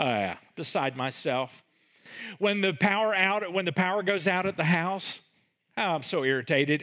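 A middle-aged man preaching a sermon, animated and self-mocking, with sudden loud outbursts. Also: on the high side. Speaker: pastor.

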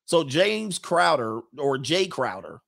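A man's voice: on the high side, very animated, slow pace, gravelly, fairly bright tone. A man hosting an opinionated commentary video, reacting to viewer comments in a blunt, mocking and slangy way.

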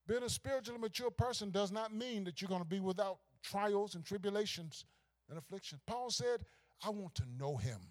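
A pastor preaching a sermon, swinging from hushed asides to shouted climaxes. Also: male voice, sits high.

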